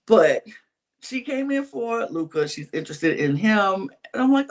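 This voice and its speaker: A man co-hosting a podcast, recapping a reality dating show in casual chat with lively slang-filled storytelling. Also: sits high, a little slow. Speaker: podcast co-host.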